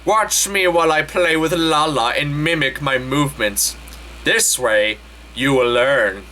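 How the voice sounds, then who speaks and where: A man voicing a male wizard professor who speaks calmly, softly and low, drawing out his words. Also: measured pace, a little hiss or hum. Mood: sultry. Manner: calm, soft, low and drawn out.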